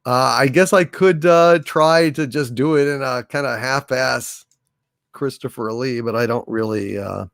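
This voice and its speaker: Gravelly, hesitant male livestream host. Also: medium pitch, measured pace, a bit bright, dry recording, studio quality. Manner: hesitant, apologetic, many fillers. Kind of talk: casual livestream chat.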